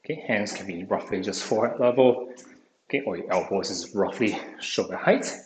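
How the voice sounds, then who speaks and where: Fairly low-pitched and brisk, this man runs an online exercise class through a video call, sounding slightly winded. He encourages the class and keeps saying "okay" again and again, with faint noise in an echoey room.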